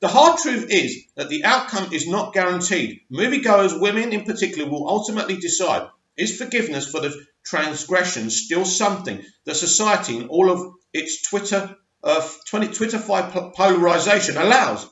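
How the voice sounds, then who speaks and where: Man, forties, chatty asides, stumbles and restarts, lively up-and-down voice, echoey room, muffled sound. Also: sits high, moderate pace, few pauses. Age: 40s. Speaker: movie news vlogger. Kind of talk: reading and commenting on an article.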